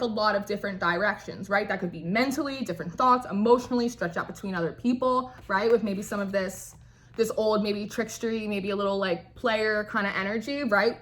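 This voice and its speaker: A woman's voice: a little high, a bit bright. A young woman giving a casual, chatty tarot reading, often checking in with "right?" and laughing. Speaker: tarot reader.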